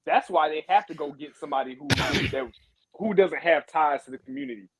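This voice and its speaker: A man talking on a phone in a casual panel chat, in rapid, halting bursts with restarts. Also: on the high side, crowd noise. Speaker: guest panelist.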